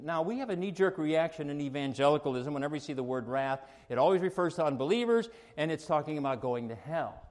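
High-voiced emphatic male preacher. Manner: emphatic preaching, swings between quiet asides and raised exclamations. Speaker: pastor. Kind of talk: sermon.

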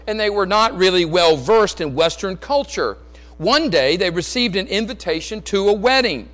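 A man preaching a sermon in an earnest, storytelling way, rising loud and dropping quiet. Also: sits high, poor audio. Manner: earnest, storytelling, swings between raised and hushed delivery.

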